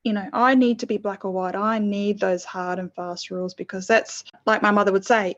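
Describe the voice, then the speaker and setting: A lively middle-aged woman talks through a personal story in a relaxed interview. She slips into acted quotes from her past self. The sound is slightly muffled. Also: medium pitch, moderate pace, few pauses. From lived in the UK. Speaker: podcast co-host, guest. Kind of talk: casual interview chat.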